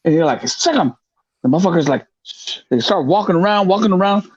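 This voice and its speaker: A man telling a hunting story in casual podcast chat, profane and animated, acting out the other people's voices. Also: high voice, fast, breathy edge, dry recording, muffled recording. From grew up in the projects. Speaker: podcast host.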